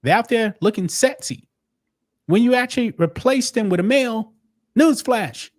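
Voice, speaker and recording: A man's voice: extremely high pitch, expressive, normal speed. A man giving opinionated video commentary, emphatic and peppering his talk with "man" and "folks". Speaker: commentator in a played clip.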